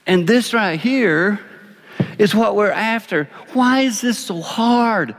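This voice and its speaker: A man in his fifties with a South Carolina accent gives a folksy, animated sermon with an object lesson. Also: high voice, slow pace, pauses often. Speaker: speaker. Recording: long reverb of a large hall.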